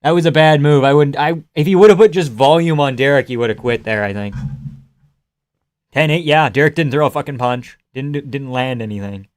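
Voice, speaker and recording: A young man hosting a livestream, reacting to a fight with casual, profane commentary, yelling advice at the fighters and laughing often. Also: mid-range voice, fairly quick, slight background noise. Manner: excitable, profane, yells at fighters, frequent laughs. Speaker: livestream host.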